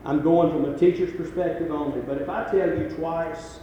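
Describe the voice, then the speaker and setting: Preacher, higher voice, folksy, big echoey church sound. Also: male voice, steady tone, normal speed, highs cut off. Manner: folksy, rises to emphatic climaxes then drops quiet. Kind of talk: sermon. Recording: very echoey hall with faint noise.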